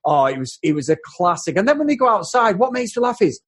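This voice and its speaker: A man's voice: high voice, very animated, quick pace, fairly bright tone, breathy edge. A man co-hosting a podcast, animatedly mocking an old film's scenes and swearing freely. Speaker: podcast co-host. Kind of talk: casual film review chat.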